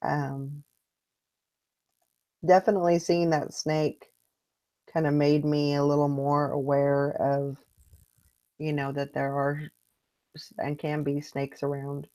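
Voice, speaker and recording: Slow, low-voiced woman hosting a chat. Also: level tone, dark tone, no room sound. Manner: rambling, chatty storytelling with restarts. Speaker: host of a morning hangout show. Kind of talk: casual chat. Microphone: online video hangout.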